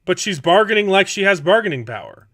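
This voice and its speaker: A man hosting a casual chat, sarcastic and animated, often reading show lines aloud. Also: high voice, fast talker, no echo, studio quality. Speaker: podcast host.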